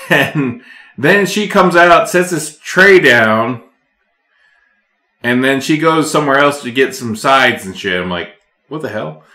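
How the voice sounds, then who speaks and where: A man hosting a podcast, telling animated, profane anecdotes in casual chat. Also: medium pitch, takes it slowly, echoey room. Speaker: podcast host.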